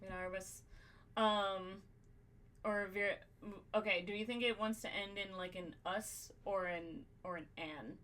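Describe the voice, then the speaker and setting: A woman's voice: medium pitch, steady tone, unhurried, a bit bright. A woman hosting a podcast, brainstorming in casual chat, swearing freely and thinking aloud with lots of fillers. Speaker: podcast host.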